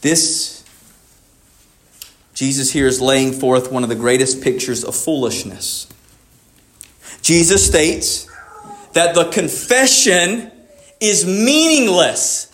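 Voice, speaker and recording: A pastor preaches to his congregation in a high, clear voice. He drops low and slow for reflective questions, then lifts into emphatic repetition. The room around him rings with echo. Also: fairly bright tone. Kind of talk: sermon.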